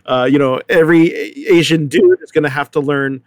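A man with a slightly high voice chats loosely on a panel, dropping in fillers and small laughs. The sound is dry, with no room around it. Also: brisk, no room sound. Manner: chatty, laughing, filler-heavy. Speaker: actor, acting teacher. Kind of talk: panel discussion.

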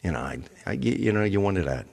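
A man's voice: low-pitched, sing-song, quick pace, creaky, a little mellow. A man hosting a show, talking in a rambling, casual monologue full of fillers. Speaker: show host.

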